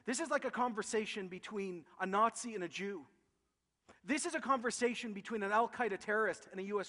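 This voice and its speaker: High-pitched guy preaching, really emphatic, big echoey church hall. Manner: animated, emphatic preaching with acted quotes. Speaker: pastor. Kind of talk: sermon. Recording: long hall reverb.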